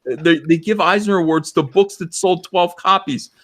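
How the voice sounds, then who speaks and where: A man hosting a live stream, ranting loudly and passionately and mocking others in put-on voices. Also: high-pitched, moderate pace. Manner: loud, impassioned, mocking impressions. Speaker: livestream host. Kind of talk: heated livestream rant.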